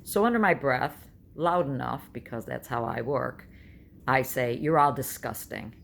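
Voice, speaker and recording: A woman's voice: extremely low pitch, lively intonation, measured pace, vocal fry, a little hiss or hum. A woman, telling stories in a blunt, chatty home vlog. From New York State. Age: 60s. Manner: chatty storyteller, blunt and emphatic. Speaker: vlogger. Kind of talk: casual vlog monologue.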